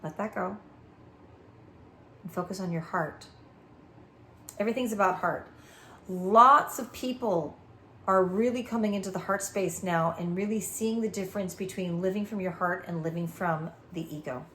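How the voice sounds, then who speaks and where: Earnest soft-spoken woman healer. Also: mid-range voice, normal speed, pauses often, slight background noise. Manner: earnest, repetitive affirmations. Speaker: spiritual healer. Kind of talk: channeled spiritual message.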